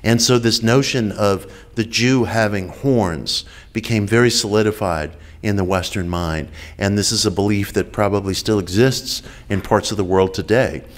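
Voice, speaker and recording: A man giving a measured public lecture over a video call, slowing down and repeating key phrases for emphasis. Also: on the low side. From United States.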